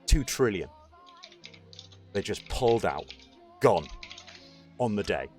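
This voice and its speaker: A man's voice: lowish voice, sing-song, slow, soft background music. A man hosting a casual political chat, blunt and sweary, ranting with heat. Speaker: podcast host.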